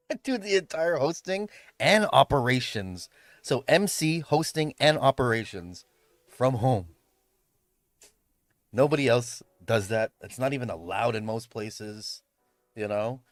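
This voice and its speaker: A man's voice: mid-range voice, expressive, measured pace, dry recording, clean studio sound, soft background music. A man chatting casually on a livestream from his room at home, rambling, swearing and laughing often. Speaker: livestreamer and event host. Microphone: streaming mic.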